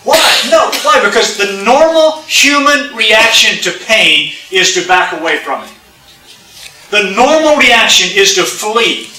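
A man's voice: high voice, animated, a little slow, sharp tone. A pastor preaching a sermon to his congregation in a church, talking conversationally, repeating key phrases and putting questions to the listeners. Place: church sanctuary. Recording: echoey room, voice from a distance.

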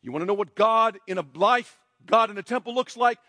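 A male pastor preaching a sermon in a church, emphatic and swinging between loud, raised passages and quiet, hushed ones. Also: high-pitched, fairly quick, studio quality. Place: church sanctuary. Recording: long hall reverb.

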